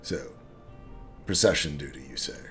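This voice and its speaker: A man putting on a sly male half-orc who lurks in a tavern corner and haggles with wry suspicion. The voice sits deep and a little lower than the man's own, with soft music faint behind it. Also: expressive, moderate pace. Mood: wry, bargaining.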